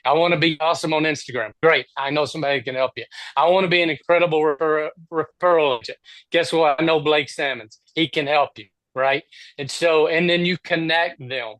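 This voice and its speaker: A man co-hosting a training webinar over a video call, giving a punchy, repetitive sales pitch. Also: fairly even intonation, brisk, a bit bright, no echo, low-quality recording.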